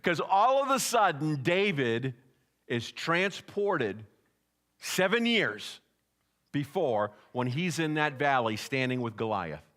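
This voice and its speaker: Bright, animated male pastor preaching. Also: a little high, slow pace. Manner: storytelling preacher who acts out voices of people in anecdotes. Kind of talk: sermon. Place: church.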